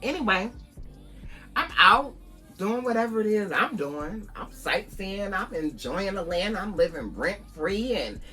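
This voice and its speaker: A woman's voice: medium pitch, big pitch swings, unhurried, sharp tone, faint music behind. A woman from Buffalo, New York, vlogging a casual storytime to her viewers, talking conversationally and calling her listeners "girl".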